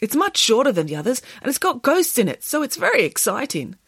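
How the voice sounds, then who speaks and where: Dramatic, protective bear brother, played by a woman; raised pitch, very animated. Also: brisk, husky, no room sound, studio quality, full character voice. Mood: fussy. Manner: dramatic, emphatic. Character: big fussy Russian male bear, protective brother.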